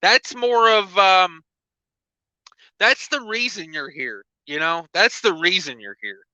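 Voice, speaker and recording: A man's voice: high-pitched, animated, slow, bright, forceful tone, no echo. A man hosting a trucking livestream in casual, rambling chat full of fillers. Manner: rambling, filler-heavy, laid-back. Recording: dull lo-fi dry sound.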